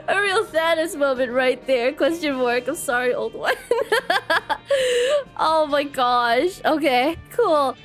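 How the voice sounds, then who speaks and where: A woman's voice: sits high, slow, long pauses, faint music behind. A bubbly young woman streaming a game, chatting with her viewers and reading the game's text aloud. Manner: bubbly, giggly, lively. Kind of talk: live game stream chat.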